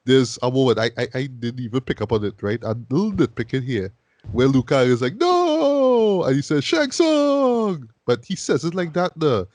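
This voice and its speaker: A podcast host, a man with a medium-pitched, slightly mellow voice, runs a casual film review chat at a fairly quick clip. He talks loosely and conversationally, repeatedly tagging sentences with "boy." There's no room sound.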